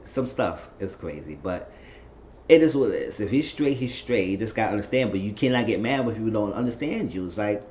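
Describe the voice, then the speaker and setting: A man casually recapping a TV episode, rambling and animated. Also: a little fast. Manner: rambling, animated, mimics characters in falsetto. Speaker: TV recap vlogger. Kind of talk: casual review chat. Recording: echoey room, dull lo-fi sound, faint noise.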